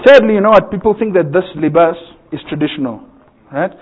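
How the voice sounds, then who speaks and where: High-pitched guy preaching, jokey and laughing at his own bits, sounds tinny like a phone line. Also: expressive, quick pace, husky. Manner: joking, rhetorical questions, laughs at own jokes. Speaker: maulana giving a bayan. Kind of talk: humorous sermon.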